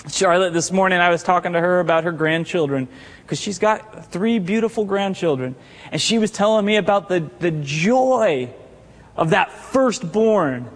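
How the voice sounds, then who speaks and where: High-pitched male pastor, humorous sermon style with rising shouts, recorded in a reverberant sanctuary. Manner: joking, teases congregation members by name; builds to emphatic shouted declarations. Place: church sanctuary with congregation. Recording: long hall reverb.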